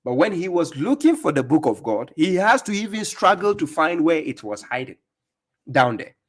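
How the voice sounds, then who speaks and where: A man's voice: on the high side, sing-song, normal speed. A man hosting a livestream, giving mocking, sarcastic religious commentary on video clips he plays. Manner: scornful, sarcastic, lecturing. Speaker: livestream host reacting to clips.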